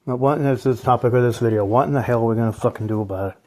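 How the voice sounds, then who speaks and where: A man's voice: mid-range voice, racing, a little mellow, a little hiss or hum. A man hosting his own channel, ranting bitterly about life with lots of swearing and scornful laughs. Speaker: channel host. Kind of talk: angry ranting vlog.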